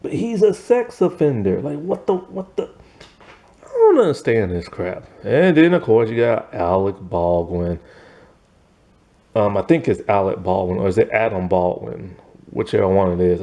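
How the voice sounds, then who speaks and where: Mellow-voiced rambling male movie reviewer. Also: fairly low pitch, gravelly. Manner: rambling and opinionated, heavy use of "like" and "man". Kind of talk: casual spoken movie review.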